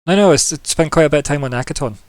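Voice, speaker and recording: A man's voice: fairly high pitch, rapid-fire, no echo, pitched above the performer's own voice, natural voice. A man voicing a weathered older male clerk who once worked the streets, with a wry, world-weary way of talking.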